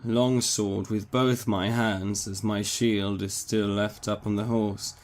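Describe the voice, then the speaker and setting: A man's voice: lowish voice, little pitch movement, slow pace. A man playing a tabletop game, talking hesitantly and thinking aloud as he plans his moves. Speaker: player.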